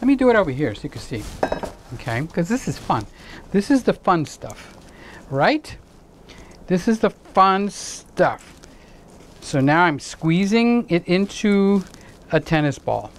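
Male home-cook host, chatty and jokey, voice leaping up and down in pitch. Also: measured pace, long pauses, low-quality recording. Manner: playful, chatty, joking asides to viewers; swoops into high excited exclamations. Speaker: home cooking channel host. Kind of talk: casual cooking demonstration to camera.

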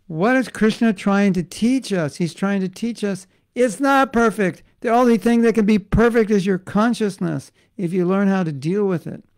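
A middle-aged man teaches a devotional class in a loose, joking, conversational manner. His voice sits a bit high for a man and carries a steady gravelly fry. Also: normal speed, hardly any pauses. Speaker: spiritual teacher.

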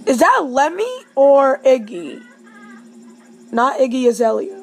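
Excitable high-voiced woman gaming. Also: extremely slow, pauses often, breathy edge, soft background music. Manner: excitable, reacts loudly to the game. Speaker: gaming channel host. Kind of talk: casual let's-play commentary.

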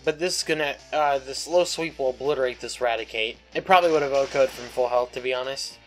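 A man's voice: mid-range voice, fast talker, faint music behind, low-quality recording. Chatty man commenting on his gameplay. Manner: chatty and jokey, swears freely. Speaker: let's play host.

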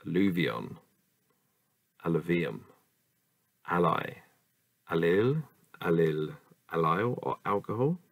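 A man works his way through dictionary entries at an unhurried pace, musing aloud between words. His voice is low with a gravelly fry. The recording is close and dry. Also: no room sound. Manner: reads word lists slowly with asides and musing. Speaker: reader of a dictionary. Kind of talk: casual solo reading.

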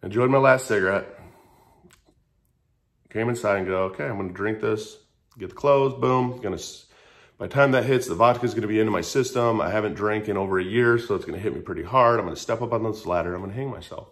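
A man's voice: lowish voice, fast talker. A man in his thirties telling a raw personal story in a casual, earnest way, swearing freely and repeating phrases. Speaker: vlogger sharing his story.

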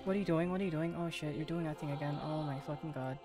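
A man's voice: on the high side, steady tone, fast talker, over music. A man commentating his own gameplay, tense and shaky, swearing often and repeating himself in frantic bursts. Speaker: gaming streamer.

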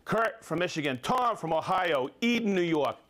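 Middle-aged male live-stream host, high-pitched, cheerful, rattles off viewer names and places. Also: expressive, moderate pace, fairly bright tone. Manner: upbeat, reads off viewer names and places, stumbles over hard names. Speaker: livestream host.

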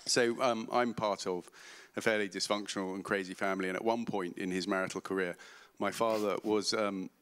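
An author being interviewed on a literary festival stage tells anecdotes to a live audience, laughing and mocking himself. His lowish voice is steady, clear and resonant, a bit bright, and he speaks briskly with hardly any pauses.

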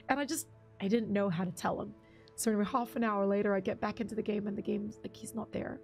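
A woman's voice: a little high, fast, faint music behind. Chatty woman streaming a game. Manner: chatty, rambling storyteller, laughs often. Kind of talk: casual live-stream chat while gaming.

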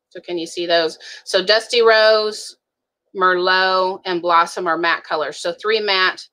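A woman's voice: mid-range voice, bright, forceful tone, poor audio. A woman giving a casual live makeup tutorial over a video call, chatty and listing shade names one by one. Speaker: beauty director giving a makeup demo.

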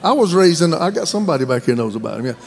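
A man in his fifties with a Southern American accent, a guest pastor preaching a sermon in a folksy, joking way that rises to shouted fervor. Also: fairly high pitch, sing-song, racing, vocal fry, soft background music. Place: large church sanctuary.

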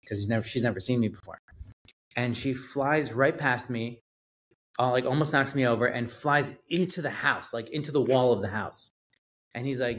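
A man guest on a podcast, telling a story in a casual, animated way, swearing and acting out what people said. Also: mid-range voice, brisk. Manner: animated storyteller, acts out quotes, swears, laughs. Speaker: realtor guest.

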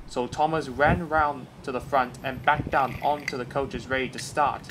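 A man's voice: mid-range voice, fairly even intonation, normal speed, hardly any pauses, a bit bright, slight background noise, poor audio. A man reading a children's railway story aloud as the narrator.

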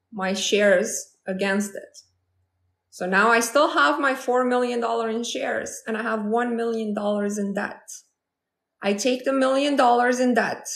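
A woman's voice: medium pitch, reverberant. A woman hosting a casual live stream as a manifestation coach, talking confidently and chattily to viewers. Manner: confident, chatty, acts out quoted lines.

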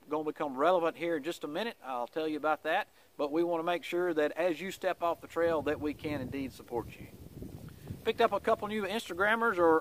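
A man with a voice pitched a little high for a man. He talks in a folksy, rambling way, full of "uh" and "um" fillers. It sounds like an easygoing weekly update for a vlog. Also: a bit bright. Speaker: vlogger giving weekly hiker updates.

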